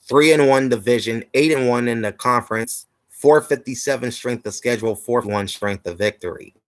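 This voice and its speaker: A man's voice: medium pitch, normal speed, dry recording, rough recording. Man reading sports standings, dry. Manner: steady listing of numbers, slightly tired. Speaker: host.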